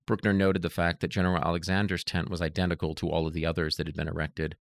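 A man narrating an audiobook in a steady, even reading voice. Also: low-pitched, fast talker, gravelly, dry recording.

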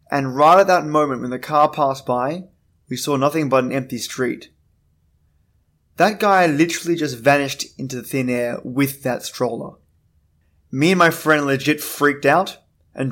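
Male host narrating creepy stories. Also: on the high side. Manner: wry asides between readings. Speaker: host of a scary story channel. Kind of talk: scripted narration of listener stories.

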